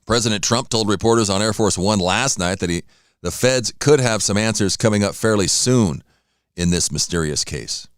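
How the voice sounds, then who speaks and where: Low-voiced chatty radio host, dry sound. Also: male voice, normal speed, no room sound. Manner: rambling, chatty, talks while eating. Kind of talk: casual solo radio talk.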